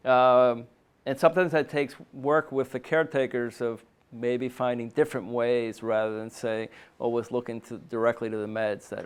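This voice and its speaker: A man with a clear, resonant, medium-pitched voice gives a conference lecture on a medical topic to a panel of clinicians in a meeting room. He talks at a normal speed in a level tone, keeping it conversational with frequent "um"s and "right?" tag questions to check in with his listeners.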